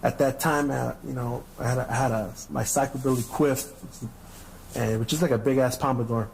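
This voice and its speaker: A man's voice: medium pitch, steady tone, brisk, gravelly, a little hiss or hum, poor audio. A middle-aged man hosting a podcast, telling stories in a casual, profane, rambling way and repeating his words. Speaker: podcast host. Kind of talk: casual storytelling rant.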